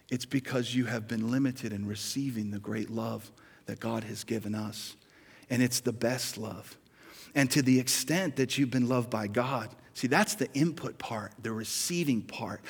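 A man preaching a sermon as pastor, conversational and animated, building to emphatic peaks. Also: mid-range voice, slightly rough, long reverb tail.

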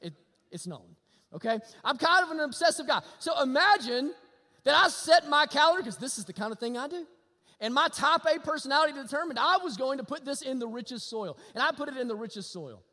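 A man preaching a sermon, animated, swinging from loud to hushed. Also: extremely high pitch, brisk. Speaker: pastor. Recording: long reverb of a hall.

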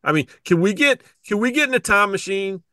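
A man co-hosting a podcast, talking in a halting way as he restarts and repeats his words. His voice sits a little high, and the sound is dry and close. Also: lively intonation, sharp tone, dry recording. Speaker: podcast co-host. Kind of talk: casual podcast chat.

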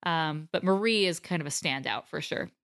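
A woman from the United States with a bright, forward voice co-hosts a podcast. She talks about a film in a relaxed, chatty way and laughs often. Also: low-pitched, moderate pace, no echo, studio quality. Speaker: podcast co-host. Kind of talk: casual movie discussion.

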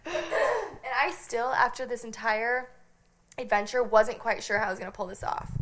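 A young woman from Nebraska telling a lively story on a podcast, laughing often and filling her talk with "like". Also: a little high, moderate pace, slight background noise. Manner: animated, giggly, lots of "like" fillers. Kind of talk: casual storytelling chat.

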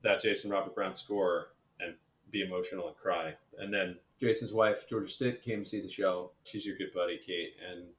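A man's voice: low-pitched, fairly even intonation, moderate pace, few pauses, fairly bright tone. A man who is a Broadway and television actor, reflecting on his work in a casual interview and thinking aloud as he talks. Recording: echoey room.

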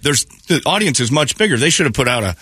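Husky-voiced sardonic radio show host. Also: male voice, medium pitch, fast talker, no room sound. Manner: animated, sardonic, often quotes others mockingly. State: sore throat. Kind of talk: casual chat, wry storytelling.

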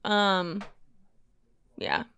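A woman's voice: mid-range voice, huge pitch swings, drawn-out words, vocal fry, pushed and bright, smooth, dry recording. A woman from Kentucky hosting a casual podcast chat, joking and laughing often. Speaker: podcast host.

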